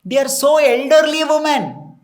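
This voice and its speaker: A man's voice: very high-pitched, lively intonation, normal speed. A man with an Indian English accent, telling a scripture story as a temple preacher, with repeated phrases and Sanskrit words mixed in.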